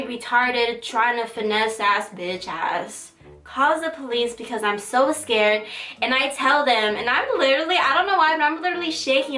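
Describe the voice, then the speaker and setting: A young woman vlogger telling a story in a casual, slangy, dramatic way. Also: reverberant. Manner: animated, slangy, dramatic retelling with quick pitch jumps.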